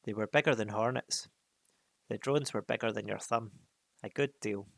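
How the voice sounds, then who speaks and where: A man reads a chapter book aloud at an unhurried pace, with a gravelly texture in his mid-range voice. The sound is close and dry, with no room around it. He drops in casual asides between passages. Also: fairly low pitch, a bit bright, no echo. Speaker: reader. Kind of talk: reading a novel aloud.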